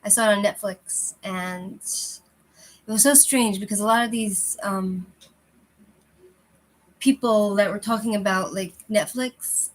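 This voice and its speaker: A woman's voice: mid-range voice, slow, pauses often, rough recording. A woman hosting a casual livestream chat, rambling and restarting as she talks to viewers through a cheap, lousy microphone. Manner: rambling, loose and chatty, often restarting. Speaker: channel host chatting with viewers.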